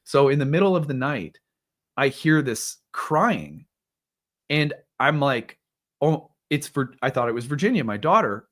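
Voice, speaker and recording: A man's voice: mid-range voice, fairly bright tone. A man in his thirties hosting an astrology show, telling a personal story in a candid, self-deprecating way and laughing often. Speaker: astrology host.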